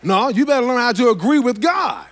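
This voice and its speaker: A man's voice: extremely high pitch, lively intonation, brisk, fairly bright tone. A pastor preaching a sermon to his church, fervent and rhythmic, with lots of repetition and direct calls to the congregation.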